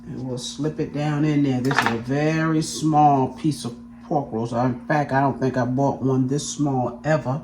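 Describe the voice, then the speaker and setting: A woman's voice: extremely low pitch, steady tone, measured pace, few pauses, background noise. A woman hosting a casual cooking demonstration in her home kitchen, chatting and often checking in with her viewers. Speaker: cooking channel host.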